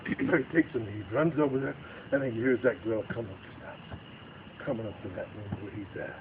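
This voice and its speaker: On a tinny, noisy home video, a man with a lowish voice tells a spooky story a little fast to family at a nighttime bonfire. His delivery is lively, and he performs the panicked lines of the people in the tale.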